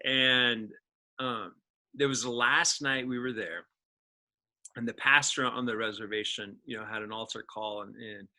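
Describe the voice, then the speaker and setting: A man in his forties, a guest actor, telling his life story in a casual interview, earnest and animated with frequent laughs and restarts. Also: mid-range voice, rough recording. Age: 40s.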